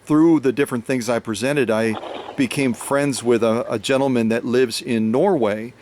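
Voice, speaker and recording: A man's voice: medium pitch, steady tone, moderate pace, darkish tone, slight background noise. An American man with an American accent telling a story in a casual conversation as host, rambling with many fillers and restarts. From United States. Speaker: host, sewing machine restorer.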